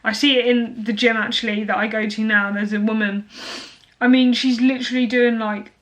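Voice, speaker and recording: A woman's voice: fairly high pitch, little pitch movement, normal speed, a bit bright. A young woman talking casually to camera as a fitness vlogger, blunt and motivational, with lots of fillers.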